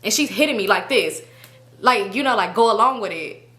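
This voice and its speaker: Fast, bright-voiced woman telling a story. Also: medium pitch. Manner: animated, slangy and profane, acting out quotes. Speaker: storytime channel host. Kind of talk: casual storytelling. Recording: roomy echo.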